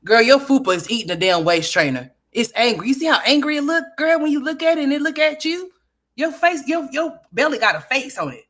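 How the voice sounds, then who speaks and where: A woman's voice: sits high, expressive, a little fast, a bit bright. A woman hosting a gossip commentary livestream, profane and trash-talking, laughing often and talking straight to her viewers. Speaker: livestream host.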